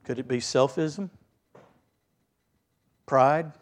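A man preaching a sermon as pastor, telling the story vividly and swinging between loud stresses and quiet asides. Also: medium pitch, extremely slow.

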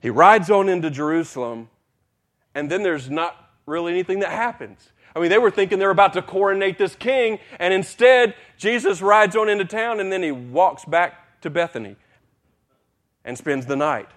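A man with a high voice preaches a sermon at a moderate pace. He repeats phrases for emphasis and swings from hushed, quiet passages to loud, excited buildups.

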